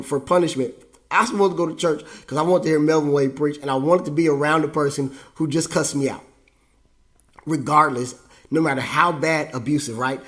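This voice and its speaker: Host, male, fairly high voice, animated personal storytelling. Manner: animated, emphatic storytelling with slang.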